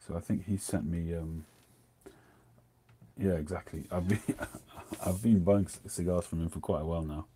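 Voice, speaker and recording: A man's voice: low voice, fairly even intonation, normal speed, dark tone, a little hiss or hum. A middle-aged man, hosting a casual livestream chat, rambling and drifting off topic as he talks. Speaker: host.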